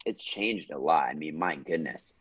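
A man who grew up in France, a guest on a podcast, chatting in an upbeat, playful and energetic way. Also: very deep voice, normal speed, slightly rough. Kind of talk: casual podcast chat.

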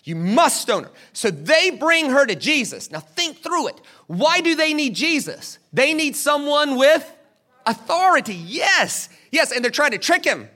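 Animated high-voiced preacher man. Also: unhurried. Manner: animated, acts out the people in the story; asks the crowd questions, then answers them. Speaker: pastor. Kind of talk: sermon.

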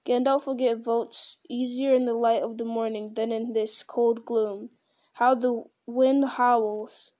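A woman's voice: a little high, level tone, a little slow, hardly any pauses, warm tone, muffled recording, natural voice. A woman reading the part of a thoughtful, reluctant male hobbit in a hesitant, considered way.

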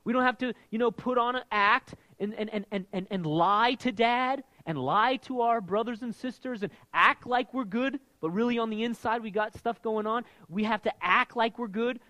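A man's voice: very high voice, moderate pace, few pauses, pushed and bright, no room sound, dull audio. A man preaching a sermon in a conversational way, often restarting and checking in with "right?" as he teaches. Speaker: pastor.

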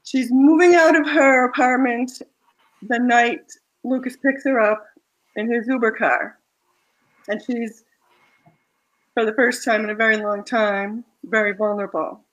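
A woman author reading her own romance fiction aloud in a soft, measured way, then chatting about the story. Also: a little high, fairly even intonation, low-quality recording.

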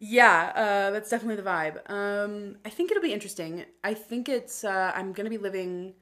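A woman's voice: medium pitch, brisk, fairly bright tone. A woman in her twenties, a podcast guest chatting casually and telling stories full of "like". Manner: chatty storyteller, fills speech with "like". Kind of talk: casual chat. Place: podcast recording.

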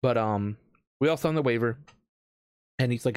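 A man's voice: medium pitch, normal speed, clear, resonant tone, dry recording. Rambling casual man, dry close sound. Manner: rambling, animated, lots of fillers and restarts. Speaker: escape room game host. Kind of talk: casual storytelling chat.

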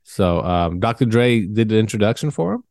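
Man, young adult, casual podcast chat, rambling, cusses, low pitch, dry room. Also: expressive, moderate pace, a little mellow, dry recording. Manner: laid-back, rambling, swears casually. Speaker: podcast co-host.

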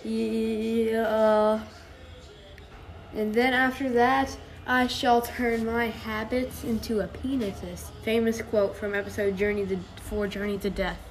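A woman's voice: on the high side, level tone, slow pace. A woman hosting a silly improvised podcast, rambling goofily and switching into playful voices. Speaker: podcast host. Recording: noisy home recording with clicks.

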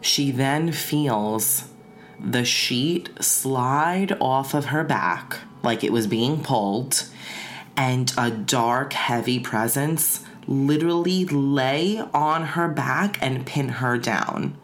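A woman's voice: a bass voice, slow, slight background noise. A woman casually telling a spooky story on a podcast, chatty and full of "like" fillers.

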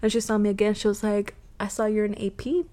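A young woman co-hosting a podcast, telling stories in an animated, laughing, casual way with plenty of swearing. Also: mid-range voice, fast talker. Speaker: podcast co-host. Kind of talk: casual chat. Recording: faint background noise.

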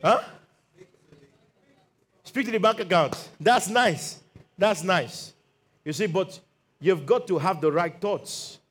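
Nigerian pastor with a high voice. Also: male voice, slow pace, long pauses, a bit bright, slightly rough. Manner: call-and-response preaching, leads congregation in declarations. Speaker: lead pastor. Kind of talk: sermon.

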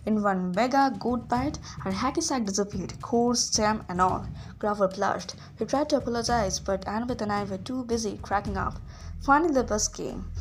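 A woman reading a story aloud in a steady storytelling voice, giving the characters their own voices. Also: mid-range voice, normal speed, a little hiss or hum. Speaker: reader. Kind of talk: audiobook reading.

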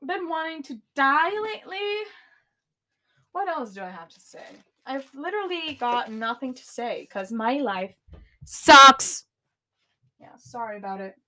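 A young woman hosting a casual solo podcast, ranting loudly with swearing and sudden screams while tidying her room. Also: high-pitched, very animated, normal speed. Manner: swearing, loud outbursts and screaming. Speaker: podcast host.

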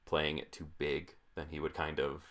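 Low-voiced young man chatting about movies. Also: flat delivery, normal speed, a bit bright. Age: 20s. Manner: filler-heavy, rambling with frequent "like". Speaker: podcast co-host. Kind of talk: casual chat about movies.

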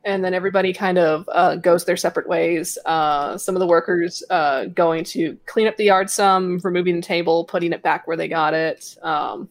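Running a tabletop game, this game master speaks in a lowish voice with no echo. She narrates at an easy, stop-and-start pace, using plenty of fillers.

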